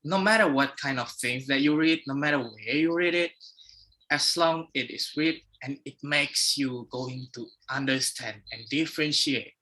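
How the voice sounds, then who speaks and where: A man's voice: medium pitch, normal speed, pushed and bright. A man speaking off the cuff on a video call, talkative and joking. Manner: jokey and talkative. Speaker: meeting participant. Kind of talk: impromptu speech.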